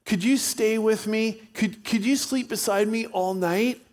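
A man's voice: sits high, measured pace, voice pushed up. A man voicing a scared four-year-old boy who stammers and pleads in a small, shaky voice. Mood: frightened, pleading.

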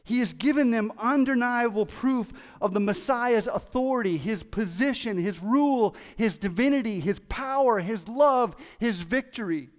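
A man preaching a sermon as pastor, excitable and animated, acting out the voices of people in the story. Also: very high voice, moderate pace, hardly any pauses. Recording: long reverb of a large hall.

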